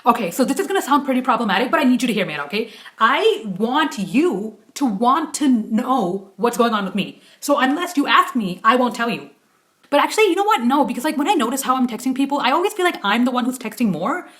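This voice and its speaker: Young female YouTuber, casual chat, hushed questions, animated rambling rants. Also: fairly high pitch, quick pace. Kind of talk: casual vlog chat, taking a quiz.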